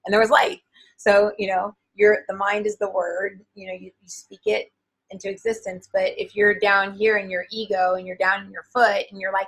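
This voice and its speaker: Breathy, animated woman full of fillers. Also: medium pitch, normal speed, low-quality recording. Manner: animated and enthusiastic, many filler words. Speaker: interview guest, author. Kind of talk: casual interview chat.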